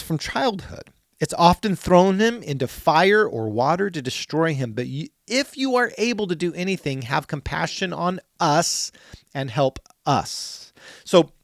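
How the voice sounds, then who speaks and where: Male podcast host, slightly high voice, loose conversational Bible talk with lots of restarts, dry close sound. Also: dry recording. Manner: relaxed, repeats words and says "like" often. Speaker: podcast host teaching on scripture.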